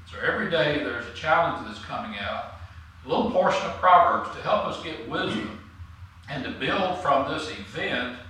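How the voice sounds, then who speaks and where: Pastor guy preaching, bright punchy voice, earnest, mic kinda far off in a big echoey room. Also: mid-range voice. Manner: earnest, rising to emphatic for scripture and key points. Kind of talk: sermon. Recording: roomy echo, mic at a distance.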